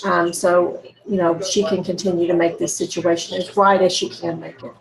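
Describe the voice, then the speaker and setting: A woman's voice: fairly low pitch, flat delivery, normal speed, creaky, low-quality recording. A woman defense attorney in a courtroom, pleading for her client earnestly and hesitantly, with many fillers.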